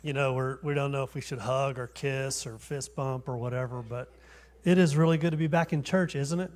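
A man's voice: mid-range voice, fairly even intonation, fairly quick, darkish tone. A man, preaching a sermon as a guest pastor in a church, conversational and self-deprecating, asking rhetorical questions. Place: church sanctuary.

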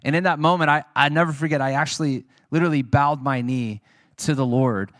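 Male preacher, conversational sermon storyteller; slightly higher voice, dry close mic. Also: fairly even intonation, quick pace, a bit bright, no room sound. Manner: conversational, earnest storytelling with asides to the audience. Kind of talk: sermon with personal testimony.

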